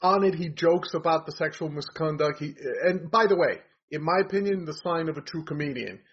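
A man's voice: a little high, a little fast, breathy edge. A man giving blunt, rambling opinions in a casual chat about comedians. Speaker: comedy commentator. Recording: dull lo-fi audio.

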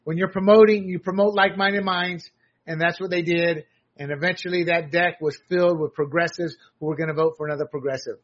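A man's voice: fairly high pitch, steady tone, fairly quick, dull audio. An American man giving blunt, sarcastic solo commentary, often restarting his sentences. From United States.

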